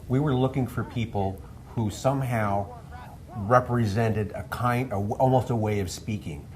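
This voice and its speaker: A man with a fairly low voice, a documentary filmmaker, answers interview questions, rambling and restarting often.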